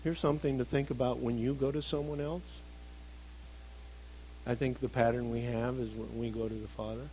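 A middle-aged man preaching a sermon, earnest, moving between emphatic stresses and soft, reflective passages. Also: mid-range voice, steady tone, moderate pace, a little hiss or hum, poor audio.

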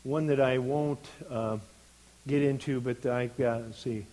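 Slow, earnest man preaching a sermon. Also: mid-range voice, steady tone, mellow, low-quality recording. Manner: earnest, unhurried, builds to emphatic stresses.

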